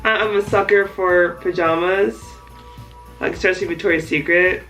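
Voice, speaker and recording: A woman's voice: fairly low pitch, moderate pace, soft background music, low-quality recording. A woman vlogging at home, gushing and laughing as she unboxes a care package. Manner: excited, gushing, often laughing. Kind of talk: casual vlog unboxing.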